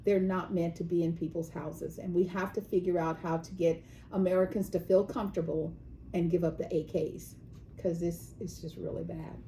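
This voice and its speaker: A woman's voice: fairly low pitch, little pitch movement, normal speed, dark tone, slight background noise, poor audio. A woman from California co-hosting a casual chat show, telling news stories and sometimes acting out the voices of the people in them. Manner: storytelling, acts out quoted voices. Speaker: co-host.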